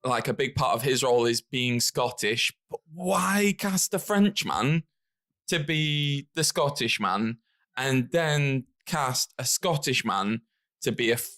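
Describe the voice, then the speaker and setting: A man's voice: medium pitch, lively intonation, slow pace, a bit bright. A British man hosting a casual film podcast, laughing often and swearing freely. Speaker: podcast host. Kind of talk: casual chat.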